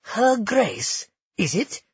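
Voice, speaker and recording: A man's voice: on the high side, sing-song, extremely slow, darkish tone, husky, dry recording, highs cut off, exaggerated voice. A man voicing a sarcastic male former assassin who taunts from his cell, mocking and sneering, in an audiobook.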